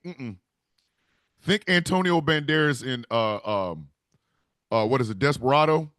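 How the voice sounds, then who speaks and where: A man's voice: medium pitch, unhurried, dry recording, studio quality. Man on a profane comedy rant. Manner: rambling, profane, animated storytelling.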